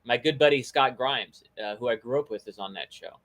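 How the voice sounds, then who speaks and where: Talking a little fast in a mid-range, fairly bright voice, a podcast host rambles through a friendly casual chat on his talk show, full of fillers and restarts.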